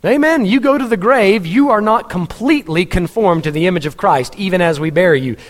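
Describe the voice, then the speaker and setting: A man's voice: high-pitched, a little fast. A pastor preaching a sermon in a church hall, earnest and humorous, speaking straight to his congregation. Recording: long church hall reverb.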